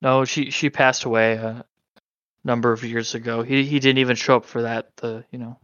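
A man plays a grieving daughter who stays guarded and evasive, halting and repeating herself in a soft, hesitant voice. The recording is dry and a little dull. The delivery sits at a middle pitch. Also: little pitch movement, dry recording, lightly acted.

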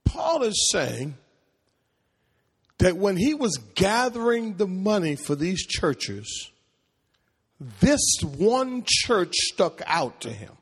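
A husky-voiced man preaching in a church, his voice pitched high and leaping widely in call-and-response. He drags out his words at an unhurried pace. A long reverb from the sanctuary trails each phrase. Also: sing-song, fairly bright tone. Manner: preaching with rising calls and questions to the congregation. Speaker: pastor.

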